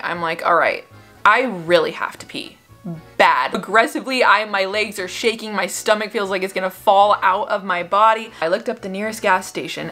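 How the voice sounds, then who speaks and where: A young woman in her twenties telling a dramatic dating story for her vlog, animated and exasperated. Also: medium pitch. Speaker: vlogger.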